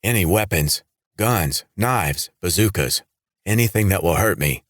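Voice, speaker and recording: A man's voice: low-pitched, expressive, measured pace, no echo, studio quality. A man voicing a stern police sergeant who barks orders and growls, in an audiobook. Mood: commanding. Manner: commanding, growling.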